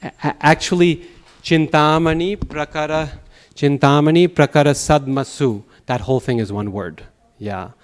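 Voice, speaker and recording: A man teaching a Sanskrit class, explaining patiently, checking in with the students and reciting verse slowly in rhythm. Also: on the high side. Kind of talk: classroom lecture. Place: temple classroom.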